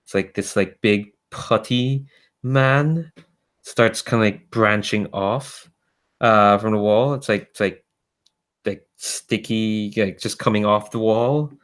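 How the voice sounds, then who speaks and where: A man narrating a tabletop game as game master, relaxed and hesitant, with many fillers. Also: fairly low pitch, slow.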